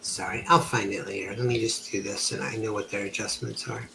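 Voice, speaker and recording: A man running a tabletop game as game master, pausing often while he sorts out the rolls. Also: on the low side, fairly even intonation, gravelly, noisy background.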